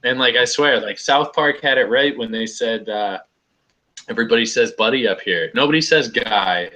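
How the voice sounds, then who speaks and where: A man's voice: medium pitch, normal speed, pushed and bright. A young man chatting casually on a video call, laid-back and rambling, filling his talk with "like" and laughing easily. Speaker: host.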